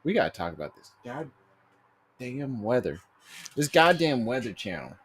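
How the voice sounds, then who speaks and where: A man's voice: medium pitch, very animated, a little slow, noisy background. A young man co-hosting a podcast in casual chat, rambling with lots of fillers and cursing. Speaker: podcast co-host.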